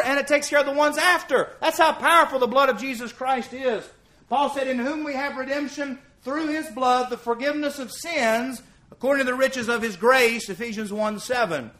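A man's voice: very high voice, bright, forceful tone. A man preaching an evening sermon in church, earnestly quoting scripture and putting rhetorical questions to the congregation.

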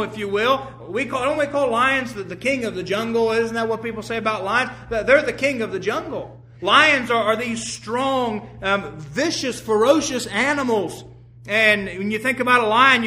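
A male preacher with a very high, bright voice delivers an earnest sermon. He repeats words as he searches for phrasing, then slows down to read Scripture aloud. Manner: reads Scripture aloud slowly in King James wording.

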